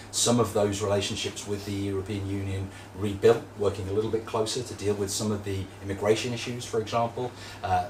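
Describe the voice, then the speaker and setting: Man, low voice, rapid, agreeable political answer, roomy distant hall sound. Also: darkish tone. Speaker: Labour candidate at a hustings. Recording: echoey hall, distant mic, faint noise.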